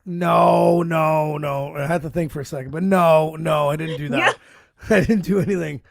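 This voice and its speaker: A man in his forties hosts a casual podcast, spinning loose, profane stories with laughs in between. His voice sits high for a man and carries a gravelly fry. The sound is dry and close. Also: steady tone, normal speed, no room sound. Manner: loose storytelling, swears often, laughs between lines. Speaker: podcast host.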